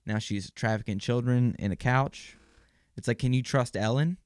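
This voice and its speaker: Young guy riffing on his own podcast, sarcastic, keeps cutting himself off, smooth voice, dead dry room. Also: medium pitch, moderate pace, no room sound. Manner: rambling, sarcastic, trailing off mid-sentence. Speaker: podcast host. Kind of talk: casual solo comedy monologue.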